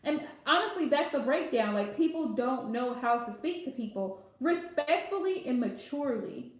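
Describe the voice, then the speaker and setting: A woman's voice: sits high, lively intonation, normal speed. A woman giving casual, direct advice to viewers on a live stream, chatty and laughing often, calling listeners pet names. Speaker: live tarot reader answering viewer questions. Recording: very echoey room.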